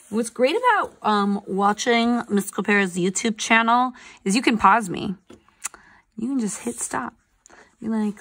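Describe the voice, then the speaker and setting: A woman's voice: medium pitch, moderate pace, a bit bright. A woman art teacher giving a live online drawing lesson over a video call, chatty and upbeat, coaxing her students to answer. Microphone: computer mic on a video call.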